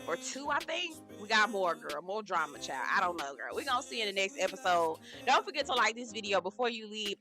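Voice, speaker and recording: Lively, sassy woman recapping reality TV. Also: mid-range voice, low-quality recording. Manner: chatty, sassy, slangy storyteller acting out quotes. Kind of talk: casual vlog recap.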